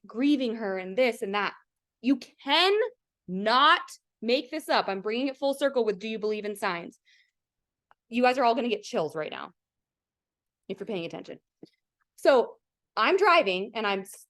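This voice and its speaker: A woman's voice: medium pitch, a bit bright. A woman hosting a coaching call over video, telling an emotional personal story in an earnest, chatty way, full of "like" and direct questions to her listeners. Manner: emotional, earnest, heavy use of "like", addresses the audience directly.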